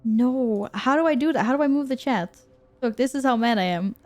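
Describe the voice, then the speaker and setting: A woman's voice: fairly high pitch, brisk, darkish tone, soft background music. A woman streamer chatting casually and giggling with her chat as she plays. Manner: bubbly, giggly, talks to chat. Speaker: game streamer.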